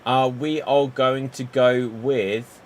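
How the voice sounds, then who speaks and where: A man hosting an improv comedy show, briskly calling on players one after another. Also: mid-range voice, steady tone, slight background noise. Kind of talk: live improv game hosting.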